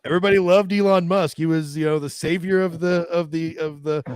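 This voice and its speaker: A man with a Midwestern American accent, a travel agent co-hosting a roundtable and chatting in a joking, animated way. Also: fairly high pitch, a little fast, clean tone, no room sound. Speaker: podcast co-host, travel agent. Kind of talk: casual roundtable chat.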